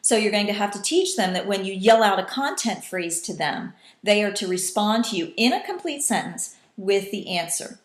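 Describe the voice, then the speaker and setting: A woman's voice: medium pitch, lively intonation, moderate pace, hardly any pauses. Woman teacher in an echoey room. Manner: patient, demonstrating call-and-response in varied voices. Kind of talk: instructional talk to teachers.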